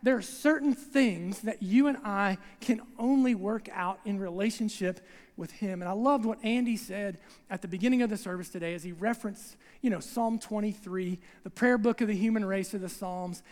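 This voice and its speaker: A preacher delivering a sermon in a relaxed, storytelling way, often checking in with the listeners. The recording comes from a church sanctuary and carries a long reverb tail. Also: medium pitch, moderate pace. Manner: conversational, acts out scenes, repeats "right?".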